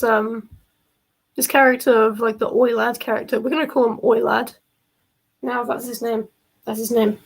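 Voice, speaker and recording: A woman's voice: on the high side, creaky, slightly rough, rough recording. A woman chatting casually on a live stream. She rambles, jokes and gets easily sidetracked.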